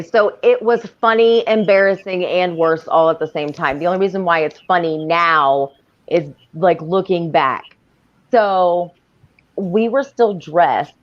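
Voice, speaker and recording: A woman chatting casually on a panel, animated and laughing as she talks. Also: lowish voice. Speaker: panel guest. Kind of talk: casual chat. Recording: dull lo-fi audio.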